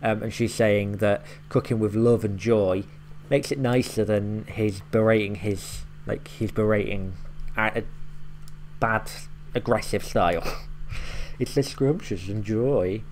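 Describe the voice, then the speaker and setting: Lowish-voiced man rambling through a reaction. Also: steady tone, a little slow, a little mellow, slight background noise. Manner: rambling, explaining lines with loose fillers and swearing. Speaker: YouTube reaction host. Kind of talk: casual reaction commentary.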